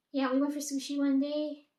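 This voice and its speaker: A young woman rambles through a casual storytime, swearing freely and quoting what others said to her. Her voice sits a little high and carries a roomy echo. She is some distance from the mic. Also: mellow.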